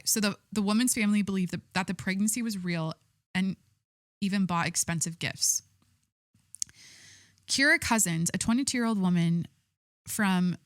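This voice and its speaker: A young woman hosts a solo podcast, chatting loosely and reading a news story aloud. She is irreverent and rambling, with plenty of likes and restarts. Her voice sits at an everyday middle pitch, and the sound is close and dry. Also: dry recording. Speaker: podcast host.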